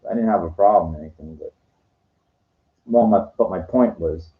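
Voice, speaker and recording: A man telling meandering personal stories, filled with "you know" and often trailing off quietly. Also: deep voice, moderate pace, narrow, tinny audio. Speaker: vlogger. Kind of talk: rambling personal storytelling. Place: lives in Los Angeles.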